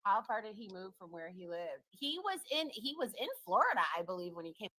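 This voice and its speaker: A woman's voice: medium pitch, very animated, fairly quick, sharp tone, no echo. A woman in a casual livestream chat, giving snarky commentary in reaction.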